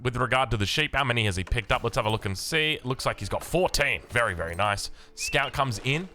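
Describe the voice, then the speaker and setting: Upbeat Australian man, bright voice. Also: medium pitch, lively intonation, brisk. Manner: upbeat, chatty, with casual fillers. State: early-morning voice. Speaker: game caster. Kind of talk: esports play-by-play commentary.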